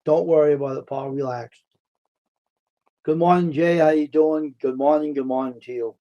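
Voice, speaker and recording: A man hosting a casual live stream from the United States, answering his chat by name, repeating himself, worked up at times and then calming his viewers down. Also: fairly high pitch, moderate pace, lo-fi sound. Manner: talks back to chat, repeats himself, heated then soothing.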